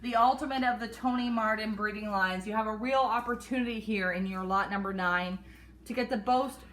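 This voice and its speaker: Bright-voiced woman reading pedigrees briskly. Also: mid-range voice. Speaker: auction co-host. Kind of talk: reading pedigrees on a live auction.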